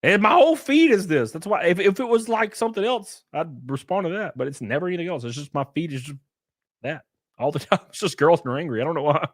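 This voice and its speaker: Animated casual male streamer. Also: a little high, fast talker, no room sound, clean studio sound. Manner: rambling, joking, lively asides. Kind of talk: casual live-stream chat.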